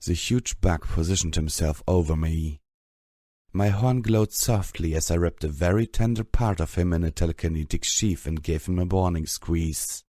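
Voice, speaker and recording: A man reading a story aloud in steady, measured scripted narration. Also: low-pitched, no echo, clean studio sound. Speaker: audiobook reader.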